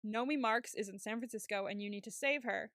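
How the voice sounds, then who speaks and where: A woman's voice: mid-range voice, brisk, no echo, studio quality. A young woman co-hosting a podcast, casually recapping an episode and acting out characters' lines as she goes. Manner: animated retelling with quoted lines. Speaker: podcast co-host.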